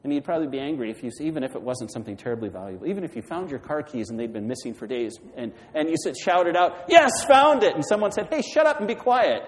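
A man's voice: mid-range voice, animated, fast, hardly any pauses, darkish tone. Man preaching in a reverberant hall. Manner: storytelling with questions to the congregation. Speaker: pastor. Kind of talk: sermon.

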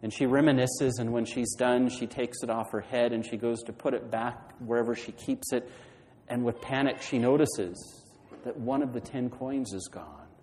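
A man's voice: mid-range voice, normal speed, a little mellow, big-room sound, slight background noise, rough recording. A man preaching a sermon, retelling a story and putting questions to the congregation. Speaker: pastor.

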